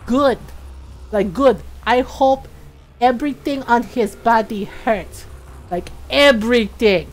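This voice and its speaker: A woman voicing a fierce, protective middle-aged Filipino mother with a Filipino accent who shouts threats in broken English. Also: fairly high pitch, slow pace. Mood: coldly vengeful.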